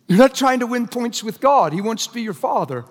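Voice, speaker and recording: A man's voice: very high-pitched, lively intonation, brisk. A middle-aged man preaching a sermon to a congregation, conversational and jokey, pressing the crowd with questions. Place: large church hall before a congregation. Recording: long hall reverb.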